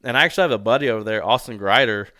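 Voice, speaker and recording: A young adult man telling a story as a podcast guest, animated, laughing often and swearing casually. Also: fairly low pitch, rapid-fire, no room sound, studio quality.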